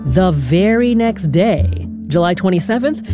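Woman radio host, low voice, measured scripted narration, music bed underneath. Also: animated. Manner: measured, deliberate delivery with dramatic pauses.

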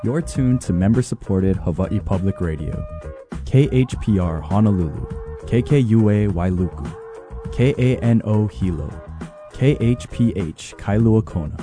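A man station announcer reading call signs in a steady, deliberate way. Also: on the low side. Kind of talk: station identification. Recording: clear music bed underneath. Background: music bed.

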